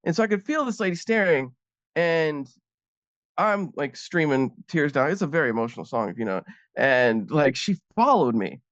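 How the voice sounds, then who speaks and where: A man's voice: fairly high pitch, very animated, normal speed, fairly bright tone, no echo, lo-fi sound. A man, a guest comedian, telling a rambling story in casual chat with many fillers.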